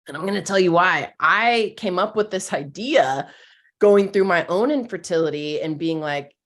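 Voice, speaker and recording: A woman therapist giving a webinar talk, gentle and candid, coaching listeners through self-compassion exercises in casual words. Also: medium pitch, animated, normal speed.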